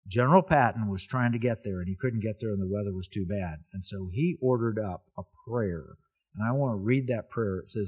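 A man's voice: on the low side, a little fast, a little mellow, husky. Earnest man telling history. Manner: earnest storytelling, emphatic repetition. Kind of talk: casual history talk.

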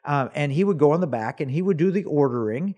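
A man hosting a faith talk show, telling a personal story in an animated way and acting out the people in it. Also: a little high, fast. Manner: animated storyteller, acts out quoted voices. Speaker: host. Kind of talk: casual storytelling chat.

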